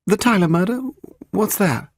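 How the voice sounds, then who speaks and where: A man's voice: high-pitched, normal speed, no echo, clean studio sound, voice pushed up. A man reading an audiobook voices a playful, impish young woman who coaxes and teases her husband, raising his voice for her. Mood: feigned innocence. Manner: coaxing and impish. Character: playful, teasing young woman, a sleuth's wife.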